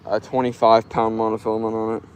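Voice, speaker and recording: A man's voice: lowish voice, completely flat delivery, quick pace, slight background noise, rough recording. A young man from Florida chatting loosely through a fishing live stream outdoors, filling his talk with "like". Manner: loose and rambling, full of "like". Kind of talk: casual live stream chat. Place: outdoors by a river.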